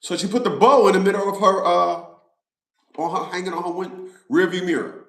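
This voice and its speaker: A man's voice: high voice, steady tone, a little fast, a bit bright. A man talking straight to his viewers in a casual monologue, emphatic and repetitive, like a preacher. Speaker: vlogger. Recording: roomy echo.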